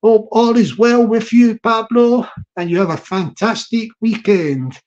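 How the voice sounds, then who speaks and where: A man's voice: high-pitched, unhurried, darkish tone, lo-fi sound. A man hosting a live stream, chatting casually and jokily with viewers and greeting them from the chat. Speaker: livestream host. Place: London.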